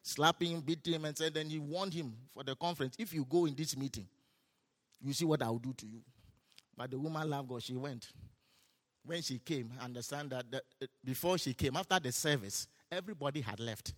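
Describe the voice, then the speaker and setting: A man preaching a sermon, telling stories with laughs and shouting his declarations. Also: medium pitch, brisk. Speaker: pastor. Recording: hall reverb.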